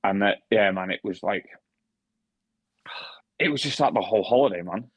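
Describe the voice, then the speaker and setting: Swearing low-voiced young man. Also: expressive, moderate pace, slightly rough, no echo. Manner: swears heavily, lots of restarts and fillers. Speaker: podcast co-host and barman. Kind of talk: casual chat, storytelling. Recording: dry, dull lo-fi podcast mic.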